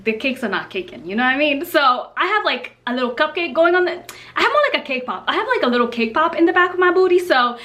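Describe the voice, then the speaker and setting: A young woman telling a story in a casual, animated, slang-filled vlog. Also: high voice, fast talker. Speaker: vlogger.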